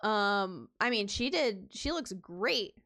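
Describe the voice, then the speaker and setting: A woman's voice: mid-range voice, expressive, slow, pushed and bright. A woman cosplayer chatting casually on her stream, rambling, with many fillers and restarts.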